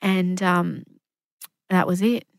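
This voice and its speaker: A woman's voice: fairly low pitch, takes it slowly, gravelly, dry recording. A woman, a guest telling her story casually, acting out what others said and swearing freely. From Australia. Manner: animated storyteller, acts out quotes, swears casually.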